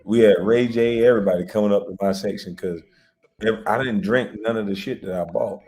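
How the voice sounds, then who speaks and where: A man's voice: on the low side, a little fast. A man telling wild stories in a casual chat, laughing often and swearing freely. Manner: loud, laughing, swearing storyteller. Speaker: show host.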